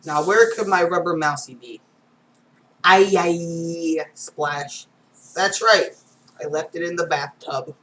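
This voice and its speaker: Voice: mid-range voice, unhurried, pushed and bright, slight background noise, low-quality recording. A reader going through comic strips aloud, reading every panel and sound effect, with casual asides.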